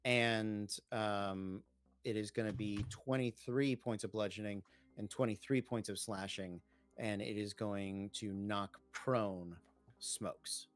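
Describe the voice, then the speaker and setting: A man's voice: fairly low pitch, fairly even intonation, slow, faint music behind. A man running a tabletop game as game master, giving matter-of-fact rulings and vivid narration.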